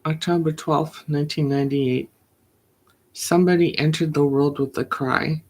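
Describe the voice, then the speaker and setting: A poet giving a slow, measured, often hushed reading of grief poems. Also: mid-range voice, fairly even intonation. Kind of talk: poetry reading.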